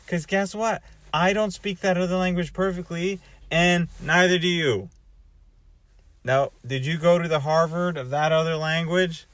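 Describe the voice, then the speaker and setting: A man's voice: fairly high pitch, moderate pace, a bit bright, no echo. A man from North America giving a casual, rambling vlog monologue, thinking aloud and often restarting his sentences. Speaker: vlogger.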